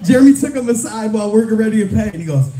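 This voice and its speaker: Young guy, slightly high pitch, halting fan-event storyteller, echoey hall with crowd. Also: expressive, heavy background noise. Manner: halting, many fillers and restarts. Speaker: YouTube reseller, cohost. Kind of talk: casual speech at a live fan event.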